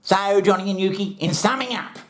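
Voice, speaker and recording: A man's voice: sits high, a little fast. An Australian man hosting a comedy show, rambling and swearing through a sarcastic rant. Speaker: comedy host. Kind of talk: comic rant.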